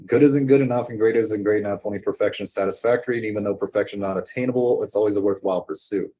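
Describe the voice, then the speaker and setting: A man's voice: fairly low pitch, racing, mellow. A man telling a story casually to the camera, rambling off topic and swearing freely. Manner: rambling and digressive, profane, with frequent fillers. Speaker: vlogger.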